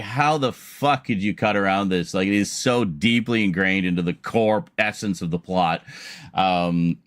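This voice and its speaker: A man's voice: lowish voice, a bit bright, no echo. A man streaming a casual chat, telling a long story in a rambling way with laughs and restarts.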